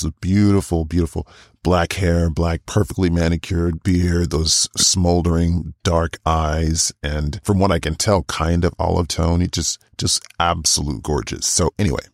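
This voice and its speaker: Gravelly, low-voiced male podcast host. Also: no echo, clean studio sound. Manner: chatty and gushing, with many fillers. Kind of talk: podcast intro and interview chat.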